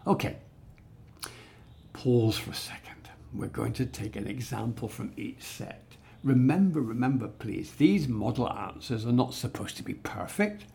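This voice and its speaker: A man's voice: mid-range voice, expressive, measured pace, vocal fry, dark tone. A man teaching a spoken English exam lesson, explaining in a chatty way with many restarts and fillers. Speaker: English speaking-test teacher.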